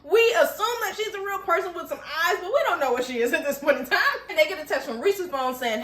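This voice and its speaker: A woman hosting a casual, animated TV episode recap. She chats, laughs often and keeps asking rhetorical questions. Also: very high voice, fast, hardly any pauses. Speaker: TV recap host. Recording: echoey room.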